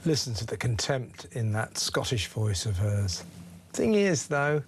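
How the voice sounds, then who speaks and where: A man's voice: medium pitch, big pitch swings, measured pace, background noise. A man hosting a talk show, mocking and indignant in an emphatic, opinionated way. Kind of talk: opinionated talk radio chat.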